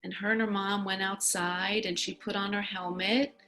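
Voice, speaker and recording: A woman leading a guided meditation talk at a gym, speaking in a soft, earnest way. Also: medium pitch, level tone, moderate pace.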